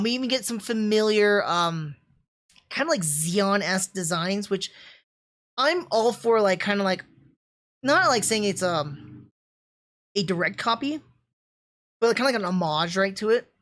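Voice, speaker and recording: Young woman streamer, casual excited review chatter, mid-pitched, lots of fillers.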